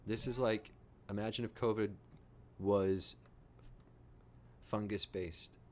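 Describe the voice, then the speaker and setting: A man giving rambling, excitable live reaction commentary, swearing and laughing often. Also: fairly low pitch, takes it slowly. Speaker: reaction streamer.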